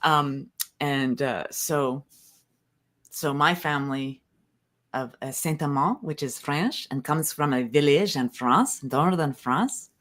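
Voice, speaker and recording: Low-voiced playful woman in her forties. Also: fairly bright tone. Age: 40s. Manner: playful, quick to laugh. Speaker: co-host, spiritual leader. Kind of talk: casual chat.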